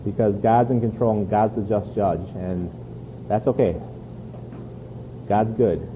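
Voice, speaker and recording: A man's voice: lowish voice, unhurried, muffled recording, slight background noise. A man preaching a sermon in an earnest, conversational way, often repeating words as he restarts. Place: church.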